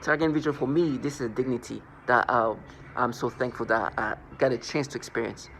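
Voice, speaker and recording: A man's voice: mid-range voice, fairly even intonation, brisk, creaky, a bit bright, slight background noise. A man rambling through a scornful personal monologue, restarting and repeating words as he goes. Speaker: vlogger.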